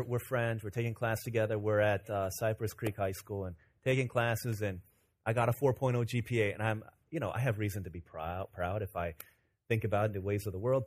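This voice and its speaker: A man preaching a sermon as pastor, telling stories in an animated, joking way. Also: on the low side.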